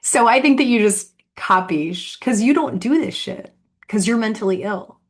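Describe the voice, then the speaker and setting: A woman's voice: mid-range voice, animated, moderate pace. Accusatory woman vlogging to camera. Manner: accusatory, sarcastic, mocking. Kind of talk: direct-to-camera monologue.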